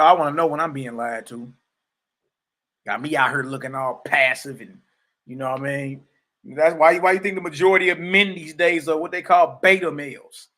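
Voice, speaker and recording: A man leads an informal religious history lesson. He talks in an emphatic, streetwise way and repeats his points. His voice is bright and slightly high. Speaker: teacher.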